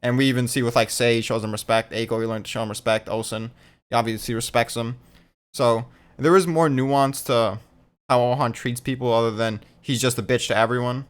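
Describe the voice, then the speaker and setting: A man's voice: mid-range voice, steady tone, a little fast, clear, resonant tone. A man in a casual fan discussion, talking animatedly with lots of fillers and casual swearing.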